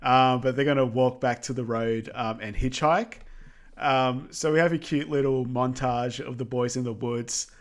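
A man co-hosting a film recap podcast, chatting casually and acting out lines from the movie in quick quoted voices. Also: medium pitch, fairly even intonation. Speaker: podcast co-host.

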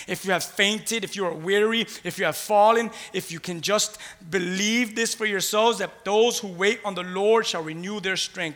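A man preaching a sermon with passion, swinging between hushed, intimate lines and loud, rising calls, repeating phrases rhythmically and calling on the congregation to respond. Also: sits high. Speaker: pastor.

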